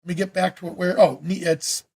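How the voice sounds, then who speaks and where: A man teaching photo editing during a live video-call session, talking in a chatty, animated way with frequent restarts. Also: high-pitched, fairly quick. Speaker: photography workshop instructor. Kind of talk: live online Q&A demo.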